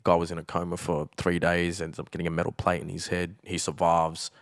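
Australian guy, low voice, streetwise podcast guest, swears a lot, loose casual storytelling. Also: completely flat delivery, a little fast, dry recording, studio quality. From Melbourne, Australia. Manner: streetwise, swears freely, leans on "like" and "you know".

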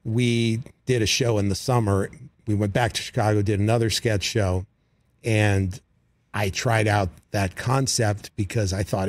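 A middle-aged man, a comedy writer, telling stories as a guest in a studio interview, animated and breaking into voices. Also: lowish voice, measured pace, no room sound. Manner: animated, slips into character voices. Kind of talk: casual interview storytelling. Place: radio studio.

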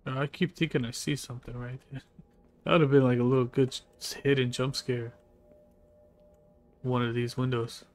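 A man's voice: medium pitch, little pitch movement, normal speed, long pauses. A male streamer giving loose, profane gameplay commentary, chuckling to himself as he plays. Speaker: gaming streamer.

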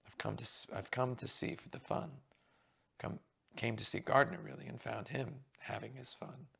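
A man voicing a drunk, blustering male stage actor who taunts loudly, in a read-aloud novel. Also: medium pitch, normal speed, gravelly, husky, exaggerated voice. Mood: taunting. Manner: loud, taunting delivery.

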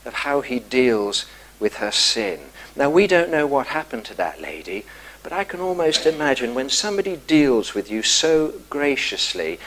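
A man preaching a church sermon, earnest, lifting his voice for emphasis and dropping soft and low for tender passages. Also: rough recording. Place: church service.

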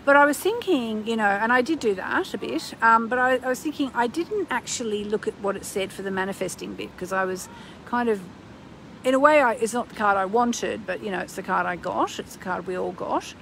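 Chatty woman astrologer with a gravelly voice. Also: mid-range voice, fairly quick, fairly bright tone, a little hiss or hum, poor audio. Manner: chatty and rambling, with many ums; bursts of gushing enthusiasm. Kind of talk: casual live-stream chat.

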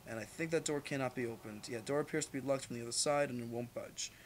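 A young man giving casual, rambling gameplay commentary as a channel host, swearing freely and jumping into loud outbursts. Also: medium pitch, slight background noise.

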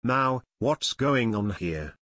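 A man's voice: mid-range voice, lively intonation, takes it slowly, fairly bright tone, no echo, studio quality. A man voicing an authoritative Coast Guard officer giving orders in an audiobook. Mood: commanding. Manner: authoritative, commanding. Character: stern adult male Coast Guard officer.

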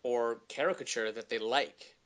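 A male voice actor, a guest on an interview show, telling stories in a casual chat with lots of high energy. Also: normal speed. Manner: high-energy, animated storytelling.

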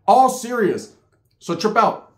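Streetwise storyteller, a bit high-pitched, recorded in an echoey room. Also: male voice, lively intonation, slow pace. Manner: profane, streetwise, acts out voices. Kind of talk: comedic storytelling monologue.

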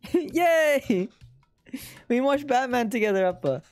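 A bright, eager young boy with a much higher voice than the reader's own, as a streamer puts him on while reading a game aloud. He sounds lively and pleading, like a kid begging for pizza. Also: takes it slowly, no echo, soft background music. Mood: excited. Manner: excited, pleading.

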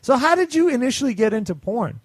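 A man's voice: very high-pitched, sing-song, quick pace, no echo. A man from India with an American accent, hosting an interview and asking curious, joking questions. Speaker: radio show host. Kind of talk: casual interview chat.

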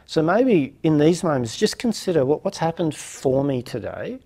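A man's voice: a little high, very animated, moderate pace, gravelly, warm tone. A man hosting a reflective lecture series, musing aloud with many fillers and restarts. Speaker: host of a non-duality lecture series.

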